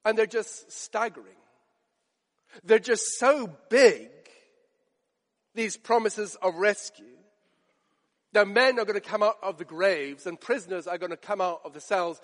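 A man delivers a sermon in a high, earnest voice, pressing each point with emphatic repetition. The sound carries a long reverb, as in a large church. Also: unhurried, pauses often. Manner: earnest, emphatic, repeats phrases for effect. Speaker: preacher.

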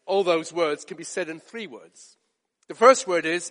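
A man's voice: sits high, lively intonation, normal speed, a bit bright. A man preaching a sermon, earnest and building to emphatic rhetorical questions. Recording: long hall reverb.

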